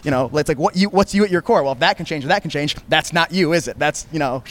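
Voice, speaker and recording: Fast-talking reflective man in his thirties. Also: a little high, fairly bright tone. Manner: rambling, reflective, says "man" and "dude" a lot. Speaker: podcast guest. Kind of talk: casual reflective conversation.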